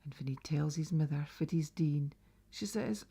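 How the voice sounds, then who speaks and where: A woman's voice: low voice, normal speed, husky. A woman with a Northeast Scots accent telling a traditional folk tale, dramatic and dropping to whispers. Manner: lively, dramatic, drops to whispers. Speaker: storyteller.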